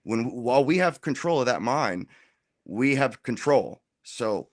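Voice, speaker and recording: A man in a casual political roundtable debate, talking in an animated, argumentative way and dropping slang as he makes his point. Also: mid-range voice, measured pace, no room sound, studio quality. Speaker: roundtable guest.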